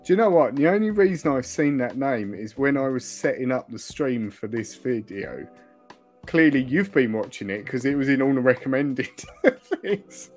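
Brief: Essex man, relaxed podcast co-host, jokey, mid-pitched voice, faint music underneath. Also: moderate pace. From Essex, England. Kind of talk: casual chat.

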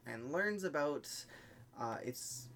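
A man's voice: fairly high pitch, slow pace, slight background noise. Male podcast co-host recapping plot. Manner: steady plot recap with many "uh" and "um" fillers. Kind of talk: casual chat recapping a TV episode.

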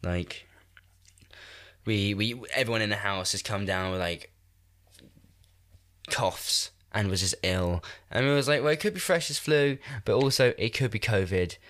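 Podcast host, twenties, stuffed-up nasal cold voice, low-pitched, loose self-mocking ramble. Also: male voice, measured pace, pauses often, fairly bright tone. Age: 20s. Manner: rambling, self-deprecating, laughs often. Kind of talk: casual chat. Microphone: new podcast microphone.

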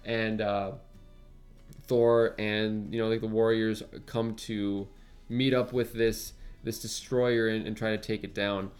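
A man's voice: fairly low pitch, slow, faint music behind. Man animatedly retelling a movie. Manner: animated retelling, laughs often, acts out quotes. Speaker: podcast co-host. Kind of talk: casual movie recap chat.

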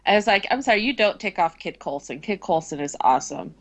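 Woman cohost gushing about stuff she's a fan of, fairly low voice, chatty. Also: animated, a little fast. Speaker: podcast co-host. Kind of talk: casual chat.

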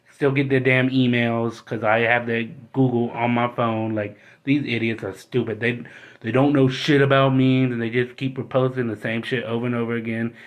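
A man hosting his own podcast alone, ranting bluntly and with a lot of swearing, and he gets worked up as he talks. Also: medium pitch. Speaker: podcast host. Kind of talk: casual ranting monologue.

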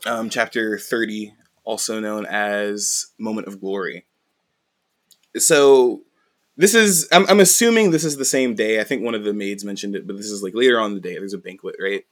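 Podcast host, male, low register, loose animated recap delivery. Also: moderate pace. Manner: animated storytelling, frequent "like" and "right?". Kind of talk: casual recap chat.

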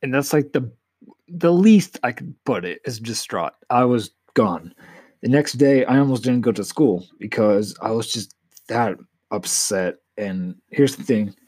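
A man's voice: mid-range voice, animated, unhurried, darkish tone, breathy edge, dry recording. An eighteen-year-old man hosting a casual solo podcast, talking candidly and emotionally in a rambling way with frequent swearing. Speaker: podcast host.

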